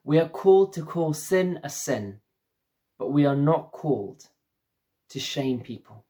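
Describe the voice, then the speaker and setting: A man's voice: fairly high pitch, lively intonation, unhurried, dark tone. A man preaching a sermon as pastor, earnest and repeating phrases for emphasis.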